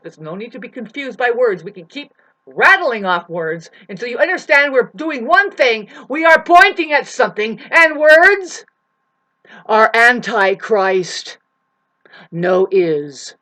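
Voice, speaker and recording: A bright, sharp-edged voice delivers a ranting spiritual lesson. The speaker swears freely and lectures the listener, swinging from shouting to low muttering. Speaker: self-styled spiritual teacher.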